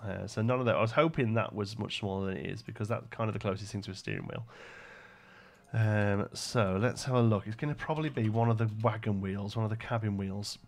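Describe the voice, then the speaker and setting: A man's voice: on the low side, animated, a little fast, vocal fry. A young man live-streaming a building game, thinking aloud and chatting with viewers between frequent fillers. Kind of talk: casual live-stream commentary.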